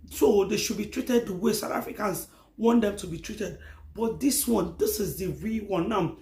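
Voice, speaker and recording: High-voiced Nigerian man, gravelly and echoey. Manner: emphatic, rhetorical, repeats points. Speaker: commentator. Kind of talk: opinion commentary vlog. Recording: echoey room.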